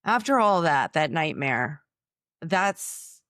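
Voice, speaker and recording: A woman's voice: low voice, lively intonation, moderate pace, creaky, fairly bright tone, dry recording, clean studio sound. A woman speaking bluntly and emotionally about her own illness, filmed in her office. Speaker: chiropractor and author. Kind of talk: personal testimony.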